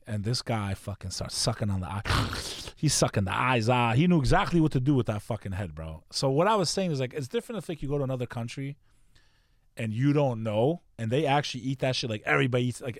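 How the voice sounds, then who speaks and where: A man in casual podcast chat who tells stories packed with profanity. His voice sits at an ordinary middle pitch. The sound is close and dry, with no room around it. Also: a little fast, no room sound. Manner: profane, storytelling, animated.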